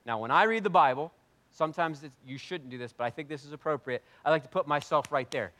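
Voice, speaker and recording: Animated pastor, fairly high voice. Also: male voice, quick pace. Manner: animated, jokey, swings from loud to soft. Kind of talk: sermon.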